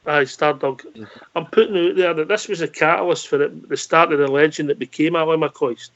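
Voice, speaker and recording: A man's voice: on the high side, steady tone, brisk, a bit bright. A Scottish man hosting a radio phone-in, chatting casually and teasing his callers. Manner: jokey, teasing. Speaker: phone-in host. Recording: dull lo-fi call audio.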